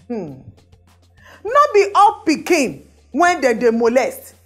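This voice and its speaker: A woman with a Nigerian Pidgin accent delivers a social commentary monologue in a high voice that swoops up and down. She is emphatic and exclamatory, firing off rhetorical questions, with faint music underneath. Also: big pitch swings, takes it slowly, long pauses. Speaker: show host.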